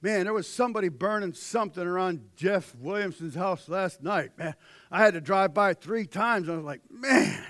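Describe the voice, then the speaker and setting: High-voiced preacher, shouts then whispers. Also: male voice, normal speed, no echo. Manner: preaching with sudden shouted peaks and hushed drops. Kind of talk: sermon.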